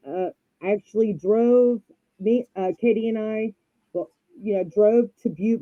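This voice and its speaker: A woman's voice: medium pitch, no room sound, lo-fi sound. A woman guest on a live podcast, telling a long, rambling story in a casual chat and acting out what everyone said. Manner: rambling, animated, acts out quotes.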